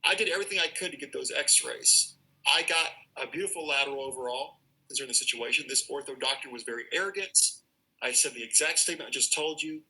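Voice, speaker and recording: A male instructor lectures radiology students in a relaxed, plain-spoken way, leaning on stories from the job. His voice sits at a middle pitch with a strongly bright, sharp edge. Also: fast talker, rough recording. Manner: casual, direct, tells work stories. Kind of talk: classroom lecture.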